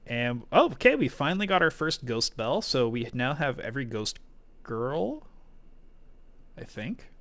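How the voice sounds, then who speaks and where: A man chatting casually on a live stream while opening card packs, thinking aloud and breaking into quick excited exclamations. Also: mid-range voice, no room sound.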